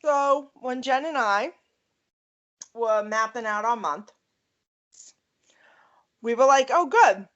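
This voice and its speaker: Brief: middle-aged woman, Queens Long Island accent, lively ranting podcast host, slightly higher voice, lo-fi sound. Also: takes it slowly, long pauses. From New York. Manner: animated, laughing, rants. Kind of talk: casual chat.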